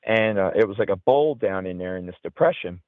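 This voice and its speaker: Guy w a lowish voice rambling thru a story, lots of you know, dry tinny phone sound. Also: animated, fairly quick, no echo. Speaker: guest, outdoorsman and paranormal investigator. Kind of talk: casual storytelling interview.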